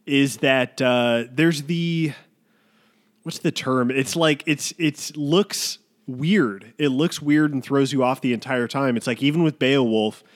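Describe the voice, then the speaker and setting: A man's voice: mid-range voice, slow pace. Rambling young man chatting casually. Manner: rambling, full of fillers and restarts. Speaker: podcast co-host. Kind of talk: casual film-podcast chat.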